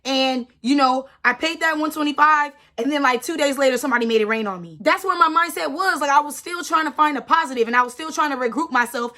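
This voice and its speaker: A woman's voice: sits high, fast, hardly any pauses, bright, forceful tone. A young woman in her twenties telling a personal story in a casual vlog, emphatic and repeating herself with lots of "like". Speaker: storytime vlogger.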